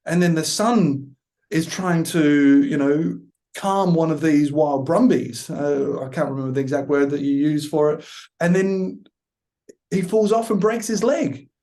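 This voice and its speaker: Aussie guy on a podcast, kinda high mellow voice, reflective storyteller. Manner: thoughtful, storytelling, unhurried. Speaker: guest, transformational coach.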